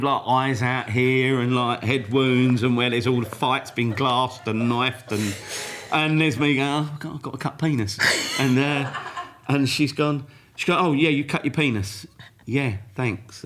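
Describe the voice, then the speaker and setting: A man's voice: medium pitch, fairly bright tone, slight background noise. A man telling a story in casual chat, laughing often and acting out the back-and-forth. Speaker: podcast guest.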